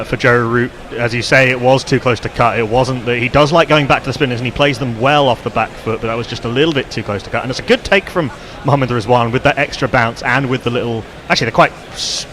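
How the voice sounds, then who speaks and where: Fast-talking male cricket summariser. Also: mid-range voice, a bit bright. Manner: analytical, explains technique. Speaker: expert summariser. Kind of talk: live sports commentary analysis.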